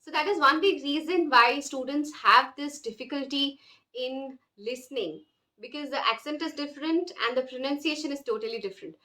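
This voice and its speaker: A woman teaching beginner French online, slowly repeating each phrase for learners to copy. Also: high-pitched, sharp tone. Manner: slow, drills phrases with repetition. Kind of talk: online language lesson.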